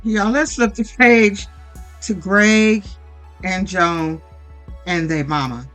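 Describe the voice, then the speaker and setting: A woman's voice: mid-range voice, very animated, a little slow, fairly bright tone, faint music behind. A woman giving casual reality TV recap commentary in a blunt, profane and opinionated way. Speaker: vlogger recapping a reality show.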